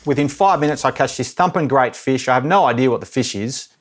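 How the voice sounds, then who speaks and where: A man's voice: mid-range voice, a little fast. A man in his thirties chatting casually and reflectively as a vlogger, rambling and self-mocking. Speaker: filmmaker and vlogger.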